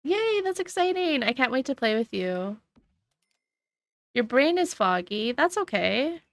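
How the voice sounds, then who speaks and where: A woman's voice: fairly high pitch, big pitch swings, a little slow, creaky, no room sound, studio quality. A woman streaming a game, chatting casually and answering her chat while sniffly and yawning. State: sniffly and sleepy. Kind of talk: casual gameplay commentary. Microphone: desk microphone.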